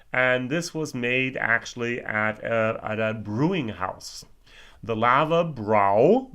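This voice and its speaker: American male host, mid-pitched voice, loose conversational whisky review that wanders off topic. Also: fairly bright tone. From United States. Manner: chatty and digressive, spells words out letter by letter. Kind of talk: casual spoken review.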